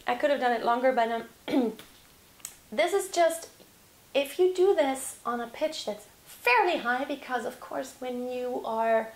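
A woman teaching singing, explaining vocal exercises and demonstrating loud yells. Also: on the high side. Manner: explains with demonstrations, yelling examples. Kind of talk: vocal lesson. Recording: roomy echo.

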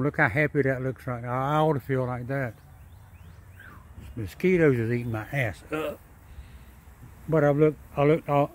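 A man vlogging outdoors in his yard, tired and sad after a sleepless night, talking in a halting, repetitive, subdued way. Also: medium pitch, a little mellow. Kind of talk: casual vlog monologue.

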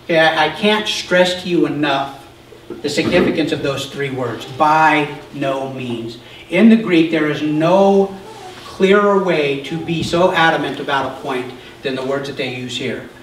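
A male pastor preaching a sermon, explaining scripture in a conversational way with frequent "okay?" checks and occasional shouted emphasis. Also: on the high side, normal speed, a little hiss or hum. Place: church sanctuary. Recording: roomy, distant church recording.

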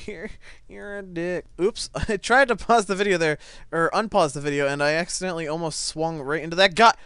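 A teenage boy giving live commentary on a game he is playing at home, excitable, laughing and stammering as things happen. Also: a little high, fairly quick, clean tone, no room sound. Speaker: gaming YouTuber. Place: home, seated in a chair.

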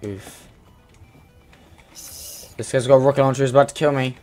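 A young man giving casual commentary while playing an online shooter, excitable and breaking into sudden shouts. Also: medium pitch, moderate pace, soft background music. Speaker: gamer.

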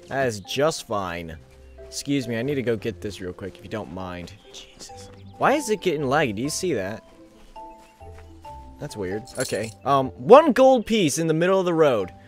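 A man recording let's play commentary, goofy and laughing, mock-outraged at the game. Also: mid-range voice. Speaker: gaming channel host.

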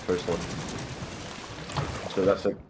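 A young man chatting with teammates while playing a game, excitable and swearing often, shouting in quick bursts. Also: noisy background. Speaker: game streamer. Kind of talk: casual gameplay chat with teammates. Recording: game sounds of boat and water behind voice.

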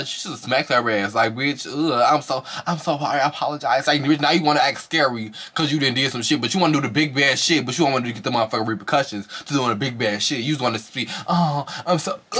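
Fast bright-voiced man ranting about reality TV. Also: breathy edge. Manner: animated, fast slangy talk, acts out quotes in a high voice. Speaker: reality show reviewer. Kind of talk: casual profane commentary.

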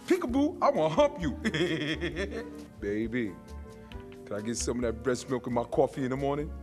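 A man's voice: on the high side, normal speed, over music, natural voice. An actor playing a brash, crude streetwise man who coaches his friend on women in a comedy film. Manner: boastful, crude, loud and animated. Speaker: film character.

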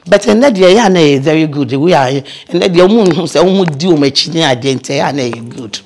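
Older actress, lively storyteller, chatty guest on an interview. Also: female voice, deep voice, brisk, a little hiss or hum. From Ghana. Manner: lively storyteller, mixes in English phrases. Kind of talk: casual interview, reminiscing.

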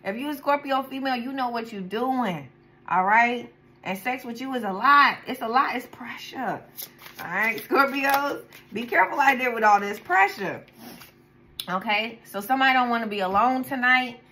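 A woman's voice: a little high, moderate pace, bright, forceful tone, rough recording. A woman giving a casual tarot reading to her viewers, talking in a chatty, profane, rambling way and often breaking into laughs. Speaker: tarot reader.

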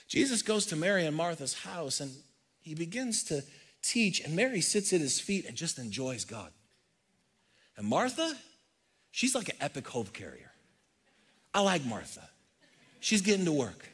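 A pastor delivering a sermon, reading scripture aloud and dropping from loud emphasis to hushed repetition. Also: male voice, high voice, sing-song, normal speed, slightly rough. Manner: preaching with big swings from loud to hushed; reads scripture aloud, repeats phrases softly for effect. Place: church stage.

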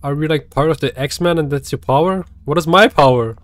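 A man's voice: a little high, brisk, no room sound. A man giving casual let's-play commentary, chatting to the game and yelping when startled. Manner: chatty, talks to the game, jumpy yelps. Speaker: gaming video creator.

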